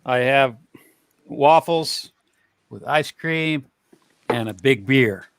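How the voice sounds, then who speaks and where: A man's voice: medium pitch, slow, clean tone, no room sound. A man co-hosting a live stream in easygoing casual chat, agreeing often and chiming in with "yeah, yeah.".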